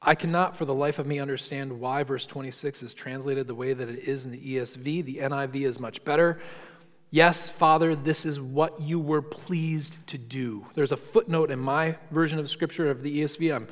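A man's voice: mid-range voice, steady tone, moderate pace, in a large hall. A man preaching a sermon, emphatic, piling up repeated phrases for stress.

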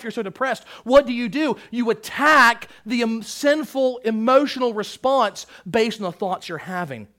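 A male pastor delivering a fiery sermon in a strikingly high voice. He shifts between shouted declarations and hushed, low passages. He often stumbles and repeats a word as he launches into a new sentence. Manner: impassioned preaching, swinging between shouting and hushed; repeats words when starting sentences.

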